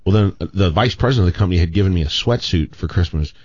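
Low-voiced male radio co-host. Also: racing, a little mellow, breathy edge, dry recording, dull audio. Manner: easygoing storyteller, laughs at his own anecdotes. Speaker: radio talk show co-host. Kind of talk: casual radio banter.

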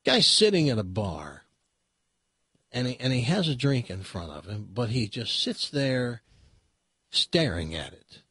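A male radio host talks and tells jokes in a wry, storytelling way. His voice is somewhat husky and moves lively up and down. The studio sound is dry and close. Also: mid-range voice, unhurried, no room sound. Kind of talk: casual radio talk and joke telling.

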